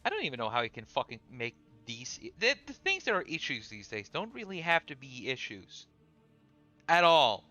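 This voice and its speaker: A man's voice: mid-range voice, huge pitch swings, moderate pace, sharp tone, soft background music. A Norwegian man hosting a casual art stream, talking in English with a Norwegian accent, profane and full of restarts. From Norway. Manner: profane, rambling, with hesitant restarts. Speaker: streamer host. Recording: dull lo-fi dry stream mic.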